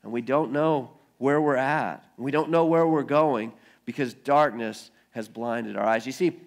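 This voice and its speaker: A man's voice: mid-range voice, measured pace. A man preaching a sermon as pastor, telling a story in a casual, conversational way and acting out the quoted lines, often repeating words as he starts a phrase.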